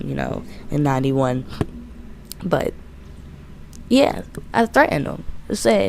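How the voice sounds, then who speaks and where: A woman in her twenties tells a childhood gaming story in a loose, swearing, animated vlog voice. Her pitch sits a little low for a woman, and she acts out the lines she quotes. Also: creaky, slight background noise. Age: 20s. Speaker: YouTube gaming commentator.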